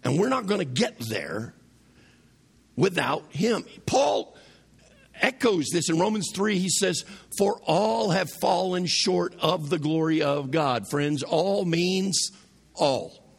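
Male pastor, raised pitch, rough gravelly husky tone, conversational sermon that asks the room questions. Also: expressive, takes it slowly. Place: church sanctuary.

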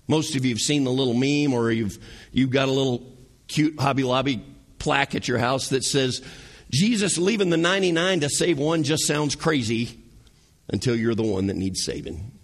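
A man preaching a sermon as pastor, animated, asking the congregation rhetorical questions and using sarcasm. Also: fairly high pitch, creaky, slightly rough.

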